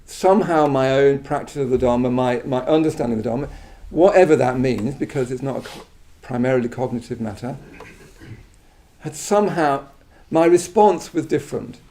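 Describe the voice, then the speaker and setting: Gravelly, mellow-voiced Englishman giving a talk. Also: mid-range voice. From England. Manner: halting, many restarts and soft trailing asides. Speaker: Buddhist teacher giving a talk. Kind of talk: reflective spoken talk.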